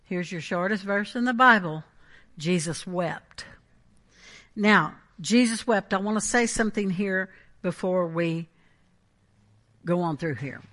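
A woman's voice: mid-range voice, a little slow, a bit bright. A woman preaching a Pentecostal sermon, emphatic and conversational, often checking in with the congregation.

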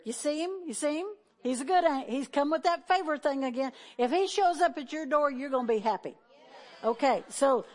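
A woman's voice: high voice, normal speed, a little mellow. A woman preaching a sermon in a conversational way, talking to the congregation directly, reading scripture aloud and drawing out key phrases for emphasis.

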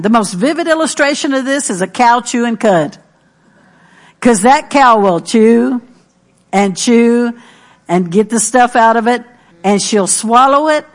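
A middle-aged woman preaching a sermon, earnest and emphatic, repeating her key phrases. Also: on the high side.

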